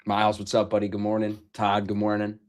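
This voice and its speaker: Male stream host, lowish voice, loose and profane, casual chat over a computer mic. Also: monotone, brisk. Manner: loose, joking, swears casually.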